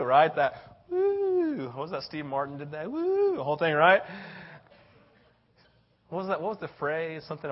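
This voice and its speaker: An older man preaching a sermon, animated and acting out little voices, tossing in "right?" after many lines. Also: on the high side, dull audio. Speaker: pastor.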